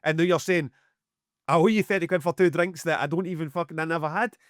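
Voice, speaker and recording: A Scottish man in middle age tells a story on a podcast with a fairly high voice. He swears freely and acts out the lines of everyone involved. The sound is dry and close, with no room behind it. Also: fast, no echo. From Scotland. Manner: animated, heavy swearing, acts out dialogue. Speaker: podcast co-host, music promoter. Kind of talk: casual storytelling chat.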